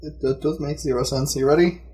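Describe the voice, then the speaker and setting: A man co-hosting a podcast in relaxed, casual chat, teasing in a dry way. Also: on the high side, brisk. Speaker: podcast co-host.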